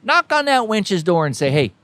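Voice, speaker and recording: A man's voice: medium pitch, lively intonation, moderate pace, no room sound. A man hosting a podcast, delivering a folksy, emphatic motivational monologue that exhorts listeners directly. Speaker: podcast host.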